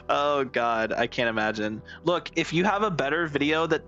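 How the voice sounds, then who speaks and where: Profane, excitable male game streamer. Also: on the high side, moderate pace, hardly any pauses, highs cut off. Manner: profane, excitable, talks to chat. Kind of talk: casual live-stream chat.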